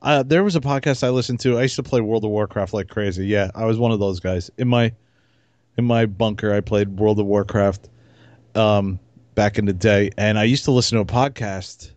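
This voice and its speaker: A man co-hosting a casual podcast, relaxed and rambling, often restarting his sentences. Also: on the low side, normal speed, no room sound. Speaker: podcast co-host. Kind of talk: casual chat.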